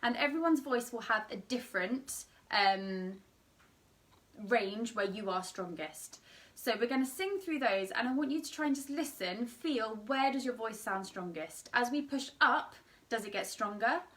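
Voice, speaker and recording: A woman's voice: fairly high pitch, lively intonation, measured pace, fairly bright tone, far from the mic. A young woman teaching an online singing lesson with a slightly tired voice, explaining and demonstrating sung vowels.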